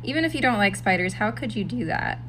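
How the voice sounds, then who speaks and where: A woman keeper talking casually in a vlog, chatty and soft-spoken, cooing to her pet spider. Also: medium pitch, animated, fast, loud music behind the voice. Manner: chatty, talks softly and coos to the spider. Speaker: tarantula keeper.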